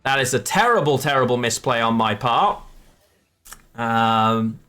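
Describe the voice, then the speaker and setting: A man's voice: mid-range voice, expressive, a little slow, pushed and bright, clean tone. A man live-streaming a card game, chatting with viewers and correcting himself as he plays. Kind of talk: live game commentary to chat.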